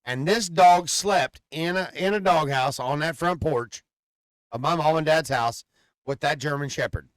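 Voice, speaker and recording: A man co-hosting a casual podcast, telling long, profane, animated stories about his dog. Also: a little high, measured pace, dry recording. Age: adult father. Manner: profane, animated rambling storyteller. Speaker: podcast co-host. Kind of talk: casual chat, storytelling.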